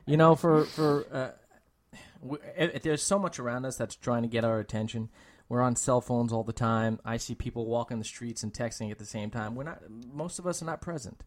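A man talking reflectively in a casual podcast chat, often pausing and repeating himself as he looks for the right words. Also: mid-range voice, darkish tone. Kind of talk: casual conversation.

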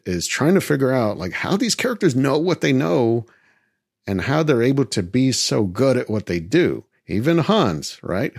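A man's voice: medium pitch, vocal fry, darkish tone, dry recording, studio quality. A male podcast host giving casual film commentary, rambling and enthusiastic, with many fillers.

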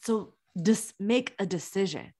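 A woman's voice: mid-range voice, expressive, a little slow, mellow. A woman in her thirties, a business coach, talking earnestly and encouragingly in a motivational monologue. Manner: earnest and encouraging, with emphatic restarts.

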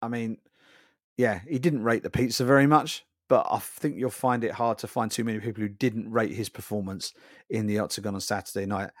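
Low-voiced man hosting a fight recap. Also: steady tone, fairly quick, no echo, clean studio sound. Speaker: podcast host. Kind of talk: recap show narration.

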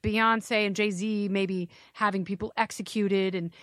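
A middle-aged woman guesting on a podcast, joking quickly and laughing often in casual banter. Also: mid-range voice, fairly even intonation, fairly bright tone, dry recording, clean studio sound. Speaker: guest, fellow show host.

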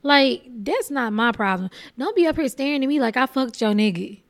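A woman stand-up comedian from Texas, hosting her own podcast with a blunt, profane, animated comic rant. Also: sits high, moderate pace.

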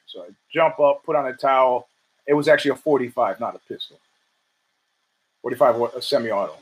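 A man's voice: mid-range voice, fairly quick, long pauses, poor audio. A man hosting his own show, telling a rambling, profane story with stammered restarts and acted-out dialogue. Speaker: podcast host. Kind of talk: casual storytelling monologue.

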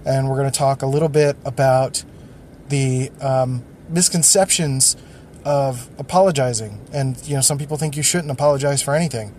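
A man's voice: mid-range voice, darkish tone, a little hiss or hum. A man hosting a solo podcast, thinking aloud and rambling with many fillers and restarts. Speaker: podcast host.

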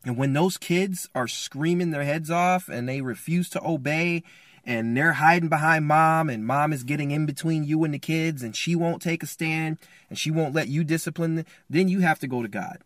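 A man hosting a faith podcast, giving impassioned, colloquial advice and pleading out loud in places. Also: a little high, normal speed, no echo. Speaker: podcast host. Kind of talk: preaching-style advice talk.

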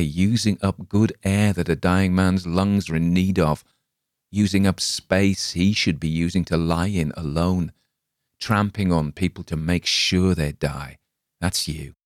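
A man's voice: low-pitched, a little mellow, dry recording, studio quality, lightly acted. A man voicing a badly injured man, panicked and accusing, with a raised, strained, pleading delivery.

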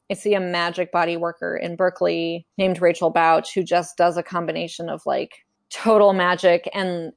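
Low-voiced woman, chatty and frank, tells her story and acts out what people said. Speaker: memoir author guest. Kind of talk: candid casual conversation. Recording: podcast conversation.

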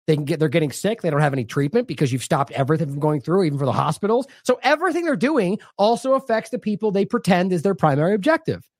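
A man with a slightly high voice hosts an independent news show, delivering indignant, sarcastic commentary with heavy emphasis. The recording is studio quality with no room sound.

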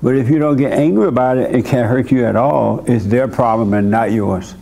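Guy running a church session, mellow warm voice, keeps firing short questions at the caller, blunt and insistent. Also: mid-range voice, brisk, creaky. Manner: direct and insistent, repeats words for emphasis; asks short pointed questions. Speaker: church host counseling a young caller. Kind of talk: blunt counseling conversation.

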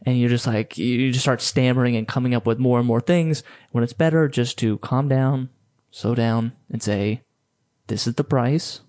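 A man's voice: medium pitch, fairly even intonation, normal speed, darkish tone. A man hosting a podcast, coaching listeners on sales in a loose, chatty way with lots of fillers and restarts. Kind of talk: casual instructional talk.

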